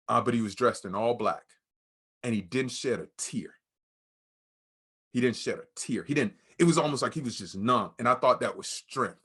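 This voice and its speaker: A man's voice: medium pitch, bright, forceful tone. A man speaking as a guest, telling a candid, emotional personal story in conversation and acting out what people said. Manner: candid, emotional, acts out quoted dialogue.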